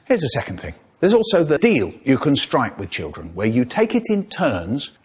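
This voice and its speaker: A man in his sixties telling stories in a chopped-up comedic remix, with an animated, exaggerated delivery. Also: medium pitch, moderate pace, husky. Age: 60s. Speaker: storyteller. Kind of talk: spliced comedic storytelling remix.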